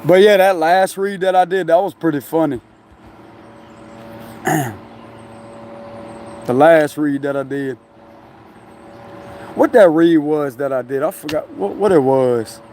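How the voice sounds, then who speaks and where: Outdoors near a tree and passing traffic, a man who reads tarot chats loosely on a live stream. His voice is on the high side and a bit mellow, slow with frequent pauses; he rambles, laughs a lot, and ends lines with "you know what I'm saying," over slight background noise.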